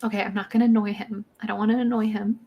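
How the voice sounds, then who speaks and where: A woman's voice: medium pitch, level tone, rapid-fire, breathy edge, dull audio. A woman hosting a casual livestream chat, reading viewer comments aloud and talking through her goals. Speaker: livestream host.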